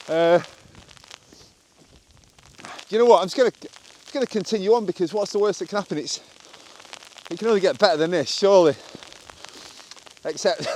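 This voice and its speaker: A man's voice: high voice, a little fast, long pauses, darkish tone, a little hiss or hum. A man vlogging on a country walk outdoors, chatty and self-mocking, filmed on a handheld camera while walking. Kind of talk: rambling walk-and-talk vlog.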